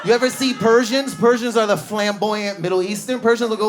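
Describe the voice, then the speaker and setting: Male stand-up, high-voiced and frantic, self-deprecating, live club crowd laughing. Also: fast talker, few pauses. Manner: frantic, neurotic, self-mocking storytelling. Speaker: stand-up comedian. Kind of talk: stand-up comedy set. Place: comedy club stage. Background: audience laughter.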